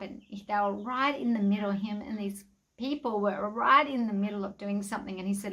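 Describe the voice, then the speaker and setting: A woman's voice: medium pitch, moderate pace, a bit bright. A woman sharing an emotional personal testimony about her farm, speaking earnestly with many restarts. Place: outdoors in a farm paddock.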